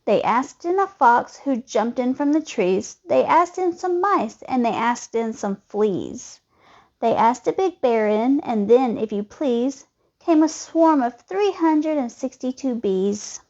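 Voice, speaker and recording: Woman reading a kids' story aloud, expressive, slow, fairly high, dull lo-fi sound. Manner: lively, expressive. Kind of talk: children's storybook read-aloud. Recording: dull lo-fi recording.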